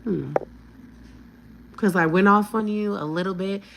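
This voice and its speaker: A woman's voice: medium pitch, measured pace, vocal fry, background noise. A woman in her thirties telling a personal story on a vlog, blunt and emphatic with plenty of cursing.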